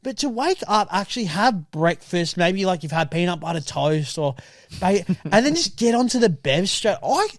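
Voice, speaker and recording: A young Australian man co-hosts a casual podcast and throws himself into his anecdotes, acting out every quote. His voice sits high and swings widely. It is recorded close and dry. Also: normal speed, dry recording. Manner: excitable storyteller, acts out quotes. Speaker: podcast co-host. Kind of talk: casual chat.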